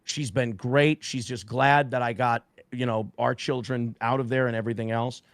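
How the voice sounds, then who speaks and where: A man casually telling a profane, animated story on a podcast, acting out quotes. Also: mid-range voice, normal speed, no echo. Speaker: guest storyteller.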